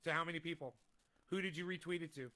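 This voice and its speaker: Here a man with a fairly high, bright, forceful voice streams from a home room with a desk, using a desk mic. He talks quickly with fairly even intonation, rambling, swearing, and growing heated as he rants in this casual live-stream chat.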